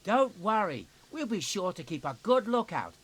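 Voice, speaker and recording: A man voicing a cheerful station master in a children's train video game, with a bright sing-song delivery and an unclear regional accent. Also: high-pitched, very animated, normal speed, breathy edge, exaggerated voice. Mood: friendly. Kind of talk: video game character dialogue.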